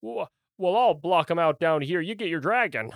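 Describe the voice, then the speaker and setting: A man's voice: on the high side, lively intonation, moderate pace, vocal fry, dry recording, studio quality. A man voicing a helpful, surprisingly strong old man in a tabletop game.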